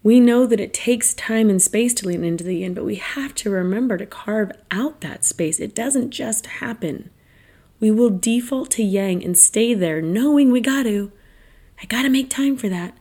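A woman's voice: fairly high pitch, moderate pace, warm tone. A woman in her thirties hosting a podcast, talking in a chatty, reflective monologue with many "like"s and "right?"s. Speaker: podcast host. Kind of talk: casual monologue.

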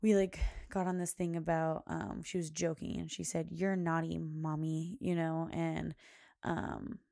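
Gravelly low-voiced woman chatting. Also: level tone, unhurried, dark tone, no room sound, studio quality. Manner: rambling, filler-heavy storytelling. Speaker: podcast host. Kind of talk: casual chat.

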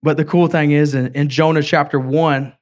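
A man preaching a sermon as an evangelist, retelling a story in casual words and reading scripture aloud with halting slips. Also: a little high, fairly even intonation. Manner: storytelling, voicing characters in a casual way.

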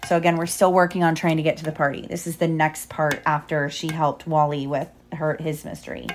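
Mom reading bedtime-style story to her kid, lowish voice, keeps stopping to quiz him. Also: flat delivery, brisk, few pauses. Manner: stops to explain and quiz the child. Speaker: mother reading to her child. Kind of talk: reading a picture book aloud.

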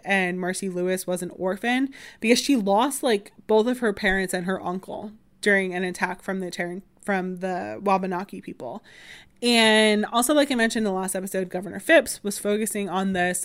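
A woman around thirty hosting a history podcast, explaining in a casual, chatty way full of "like" and "um", with wry asides. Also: mid-range voice. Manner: chatty, many fillers like "like" and "um".

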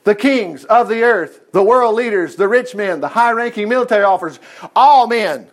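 An older male preacher with a notably high voice works through Bible passages, breaking off between verses with folksy jokes and chatty asides. He sounds like he is talking with the congregation rather than lecturing them. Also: lively intonation, moderate pace. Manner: folksy, joking, conversational. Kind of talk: sermon with Bible reading.

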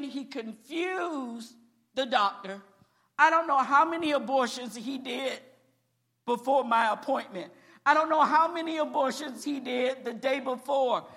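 An older woman preaching a testimony, telling her story dramatically and building to emphatic, shouted declarations. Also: sits high, unhurried. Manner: dramatic storytelling, acting out each person in turn. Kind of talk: sermon testimony.

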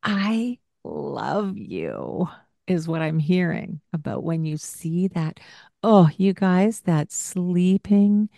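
An older woman hosting a parenting podcast, giving gentle coaching in a soft-spoken way and laughing often. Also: on the low side, fairly even intonation, slow pace, no echo.

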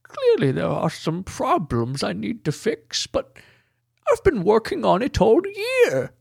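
A man voicing an excitable male toy maker, eager and pleading in a storybook reading. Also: sits high, measured pace, gravelly, husky, no room sound, studio quality, pitched above the performer's own voice, heavily acted.

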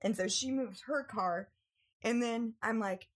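A young woman in casual storytelling on a podcast, animated and acting out family members as she goes. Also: unhurried. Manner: animated, acts out family members with big pitch jumps. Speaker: podcast co-host.

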